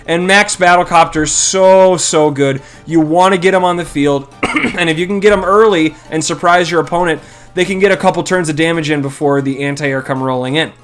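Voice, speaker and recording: A man casually commentating his own strategy game, thinking aloud and criticizing his own moves. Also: fairly high pitch. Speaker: gameplay commentator.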